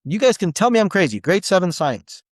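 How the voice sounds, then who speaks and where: A man in his forties giving a rambling, animated motivational talk as a self-help speaker, with many restarts. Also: high-pitched, fairly quick, no echo, clean studio sound. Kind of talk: motivational monologue.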